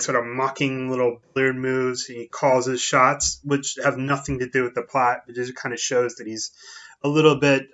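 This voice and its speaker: Man, casual book review, rambling, conversational, bright tense tone, muffled lo-fi sound. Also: mid-range voice. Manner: rambling, conversational, thinks aloud. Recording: dull lo-fi recording.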